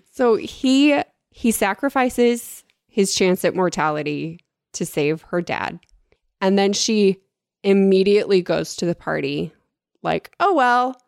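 A woman's voice: medium pitch, expressive, slow, vocal fry, long pauses, a little mellow, dry recording, studio quality. A woman co-hosting a casual chat, playful and emphatic, holding her ground in debate.

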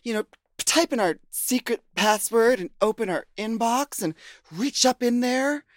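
A man's voice: very high-pitched, expressive, measured pace, dry recording, clean studio sound. A man co-hosting a podcast, leading segments in a playful, theatrical way. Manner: playful, theatrical, says honey. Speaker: podcast co-host.

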